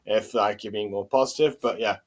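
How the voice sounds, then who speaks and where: A man's voice: fairly low pitch, fairly even intonation, brisk. A man hosting a casual comic review chat, hesitant and full of fillers, chuckling often. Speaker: podcast host.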